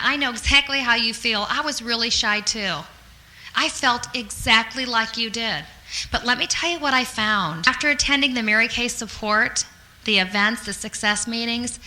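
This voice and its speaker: High, bright-voiced woman coaching with energy. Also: rough recording. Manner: upbeat, earnest, encouraging. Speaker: sales trainer. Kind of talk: motivational sales training talk.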